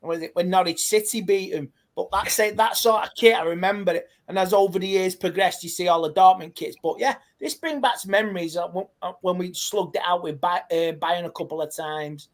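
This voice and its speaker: Male guest, easygoing, halting, nostalgic chat. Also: sits high. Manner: reminiscing, easygoing, a bit halting. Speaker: guest panelist. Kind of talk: casual podcast chat.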